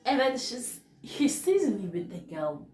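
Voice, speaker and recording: A young South African woman telling a personal story to camera in a hushed, subdued way, often mixing in Zulu. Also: on the high side, big pitch swings, a little slow, echoey room. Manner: hushed and subdued when recalling events, code-switching. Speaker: vlogger.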